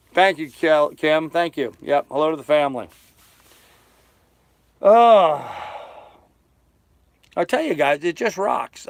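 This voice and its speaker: An older man aboard a small sailboat chats casually on a live stream, reading out and answering viewer comments. His voice is smooth and on the high side, and the recording is dry.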